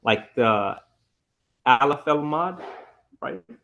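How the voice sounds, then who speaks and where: Male student, slow and hesitant, apologetic, reciting over a video call. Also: a little high, expressive, vocal fry, bright, forceful tone, muffled recording. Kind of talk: reciting in an online class.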